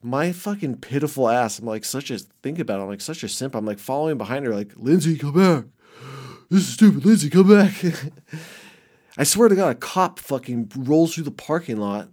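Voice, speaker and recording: A man casually telling a rambling, heavily profane story about his past, with many restarts, swinging between muttered asides and loud bursts. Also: mid-range voice, expressive, brisk. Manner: rambling, heavy swearing, frequent restarts.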